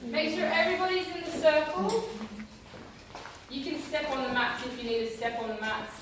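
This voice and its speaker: A woman running a live seminar, guiding a group through breathing and affirmations, with a soft voice that swells to cheering. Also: high voice, normal speed, noisy background. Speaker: seminar leader. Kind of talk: leading a group exercise. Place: large room with a live group. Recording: very echoey room, from far off.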